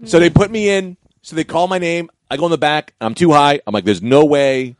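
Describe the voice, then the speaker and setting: A man's voice: a little high, animated, brisk, no room sound. A young man telling a story in a casual chat, acting out voices and swearing casually. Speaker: comedian telling a story on a podcast.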